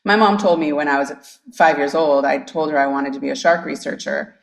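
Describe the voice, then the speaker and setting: Gravelly, low-voiced American woman, roomy sound. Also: steady tone, recorded from a distance. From Northern California. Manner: enthusiastic, fast storytelling with frequent restarts. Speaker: guest, marine biologist. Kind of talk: casual interview conversation. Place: her office.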